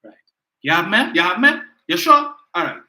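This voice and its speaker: A man mocking a frail old woman, high and breathless. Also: sing-song, normal speed, pushed and bright, exaggerated voice. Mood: fussy. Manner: breathless, fussy, step-by-step mocking. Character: frail older woman politician needing help walking.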